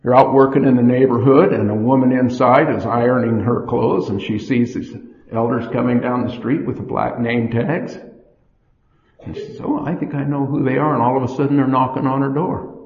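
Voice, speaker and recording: A man's voice: mid-range voice, steady tone, slight background noise. Man, sermon, storytelling, long hall reverb, roomy. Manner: measured, storytelling, acts out inner voices. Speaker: church speaker. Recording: echoey hall, dull lo-fi sound.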